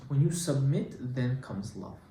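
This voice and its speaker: A man giving an informal Torah class as a rabbi, animated and conversational, with Hebrew terms mixed in. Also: medium pitch, slow pace. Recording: echoey room with faint noise.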